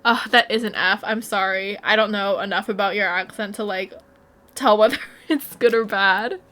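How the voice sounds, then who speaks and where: A woman's voice: mid-range voice, normal speed, a bit bright. A woman streaming a video game, chatting casually and bubbly as she plays. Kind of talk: casual gameplay chat.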